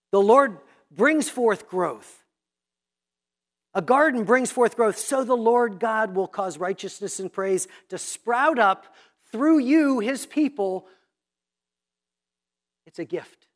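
Pastor, expository sermon, reads scripture with slow weight, teacherly asides on repetition. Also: mid-range voice, animated, a bit bright. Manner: reads scripture slowly and deliberately, then explains; teacherly, points out repeated themes.

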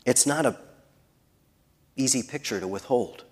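A man preaching a sermon who builds to emphatic peaks and then drops very soft. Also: on the high side, expressive, takes it slowly. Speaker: pastor.

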